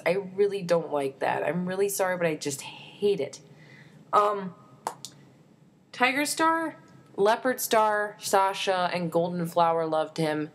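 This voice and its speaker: Young woman ranting excitedly. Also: fairly low pitch. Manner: excitable and exasperated, many fillers. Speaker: fan vlogger. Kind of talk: opinion rant.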